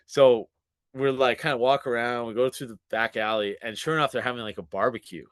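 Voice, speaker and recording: A man's voice: mid-range voice, a little fast, clean tone, dry recording. A man in his forties, a podcast guest telling a story in casual chat, swearing freely, laughing often and acting out what people said. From Canada. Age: 40s.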